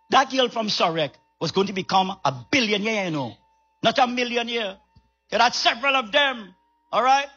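A raspy male preacher with a high, bright voice delivers an emphatic sermon. He repeats his key lines and presses the congregation for amens. The recording is slightly muffled, with faint music underneath.

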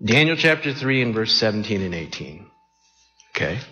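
A man preaching an animated sermon, acting out the story with sudden shouts. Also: on the low side, normal speed. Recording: muffled sound in a reverberant hall.

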